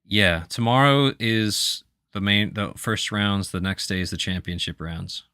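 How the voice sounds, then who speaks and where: A man's voice: lowish voice, measured pace, sharp tone, clean tone, no room sound, studio quality. A man narrating as game master in a casual, loose way. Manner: casual, loose, many fillers.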